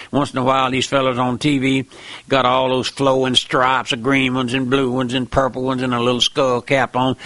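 A man preaching a fiery sermon, repeating "my friend" and "listen," dropping to low murmurs and rising to high cries. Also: pushed and bright.

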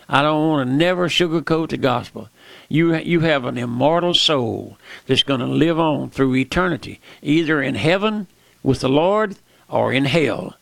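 A man's voice: medium pitch, creaky, a bit bright, dry recording. An older man, preaching an emphatic old-time sermon that repeats phrases and rises to cries.

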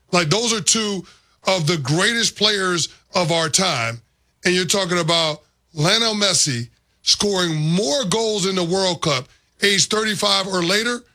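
A man's voice: sits high, bright, forceful tone. A man co-hosting a sports talk show, making emphatic points and building arguments through repetition.

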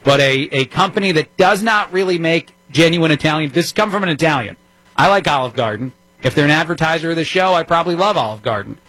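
A man with a New Jersey accent fills in as a political talk radio host, speaking in a wry, conversational monologue full of ums and uhs. His voice sits a bit high for a man. The studio sound is dry and close. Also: lively intonation, fast, fairly bright tone, no room sound, rough recording.

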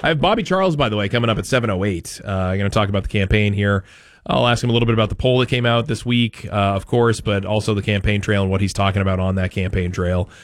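A man's voice: fairly low pitch, no echo, studio quality. A man from Maine hosting a talk radio show in a chatty, rambling way. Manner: chatty, rambling, quick to joke. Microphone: studio microphone.

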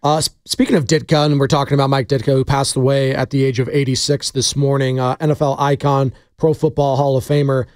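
A man's voice: mid-range voice, little pitch movement, fast talker, hardly any pauses, no echo. A man hosting a sports radio show, talking casually with lots of fillers. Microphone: studio mic.

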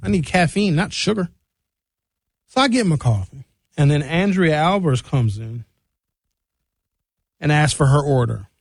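A man hosting a talk radio show from a studio, ranting in an opinionated monologue and mocking people with high comic voices. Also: animated, a little slow, creaky, pauses often, breathy edge, no room sound.

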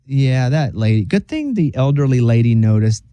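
A man hosting a radio show chats casually and jokes as he reads stories aloud, animatedly slipping into silly voices. His voice is mid-range at a normal speed, with no echo.

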